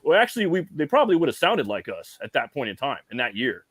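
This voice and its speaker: A man's voice: medium pitch, very animated, fast, a bit bright, breathy edge. A man in a casual film chat, rambling and slangy, swearing and asking "you know what I mean?".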